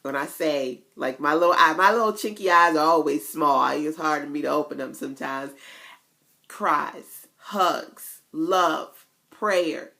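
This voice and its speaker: A woman talking straight to her viewers in a casual motivational vlog, lively and chatty. Her usual voice sits slightly low, but she leaps way up when she gets excited, and she drops in folksy asides along the way. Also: measured pace, gravelly. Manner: chatty, animated storytelling with big pitch jumps. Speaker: online business coach.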